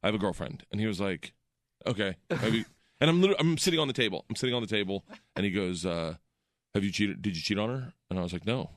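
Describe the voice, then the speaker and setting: A man's voice: racing, no room sound, studio quality. Laughing, rambling man telling a story. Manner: rambling, self-deprecating, laughs a lot, drops into low deadpan voices for quoted people. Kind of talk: casual storytelling chat.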